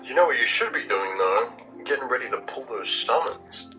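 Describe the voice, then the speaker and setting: A man's voice: mid-range voice, lively intonation, normal speed, over music, rough recording. A man in casual chat, speaking bluntly and swearing freely.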